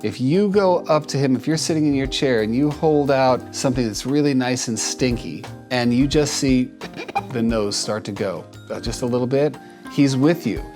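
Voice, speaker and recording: A man's voice: mid-range voice, normal speed, faint music behind. Emotional man giving cat advice. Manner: warm, emotional, repeats and restarts words. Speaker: cat behaviorist host reviewing a viewer video. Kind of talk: casual advice talk to camera.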